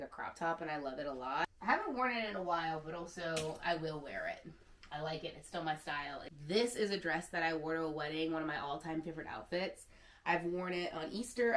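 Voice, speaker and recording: A woman in her thirties, a secondhand stylist, talking candidly and casually through her closet clean-out in a home vlog. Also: sits low. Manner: candid, chatty, sprinkled with "like".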